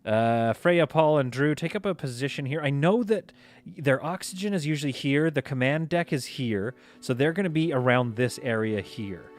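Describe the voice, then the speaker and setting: A man commentating live over a space strategy game, giving orders to his crew and reacting out loud as things go wrong. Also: mid-range voice, moderate pace. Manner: excitable, talks to himself and his crew while playing. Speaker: gaming streamer.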